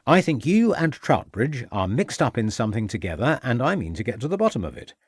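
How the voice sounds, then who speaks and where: A man's voice: mid-range voice, very animated, fairly quick, slightly rough, no echo, studio quality. A man playing a stern, probing police inspector. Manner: probing, dryly mocking. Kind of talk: audiobook character reading.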